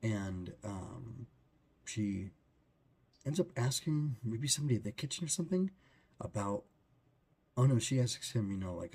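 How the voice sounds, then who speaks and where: A man with a low, husky voice reviews a book chapter in casual conversation. He rambles and restarts his sentences often, and pads them with fillers as he thinks aloud. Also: expressive, moderate pace, long pauses, a little mellow.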